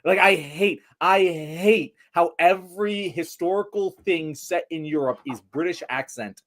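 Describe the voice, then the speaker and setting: A man's voice: on the high side, unhurried, fairly bright tone. A man co-hosting a podcast, giving opinionated, profane takes on a movie. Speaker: podcast co-host. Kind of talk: casual movie review chat.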